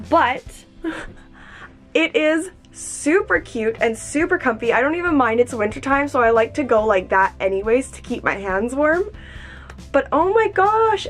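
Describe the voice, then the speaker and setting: Young female vlogger, high bright voice, gushing and bubbly, faint music under her. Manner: gushing, bubbly, repeats "oh my gosh". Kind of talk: excited unboxing vlog.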